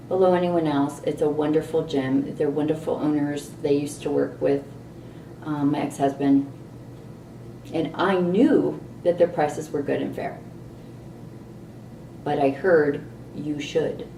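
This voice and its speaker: A middle-aged woman vlogging a candid personal story, animated and exasperated at times. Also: low-pitched, gravelly, slight background noise. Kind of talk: personal reflective monologue. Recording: roomy echo, distant mic, faint ambience.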